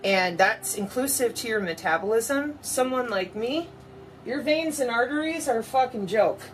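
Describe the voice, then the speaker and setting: Woman ranting to camera, sarcastic and swearing a lot, higher voice, bit of hiss in the background. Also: expressive, normal speed. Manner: sarcastic, mocking, profane. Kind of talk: ranting monologue.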